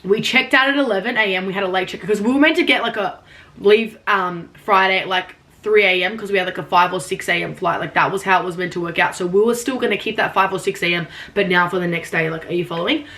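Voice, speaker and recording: A woman's voice: medium pitch, fast, pushed and bright. A young adult woman vlogger telling a rambling story in casual chat, saying "like" constantly and swearing casually.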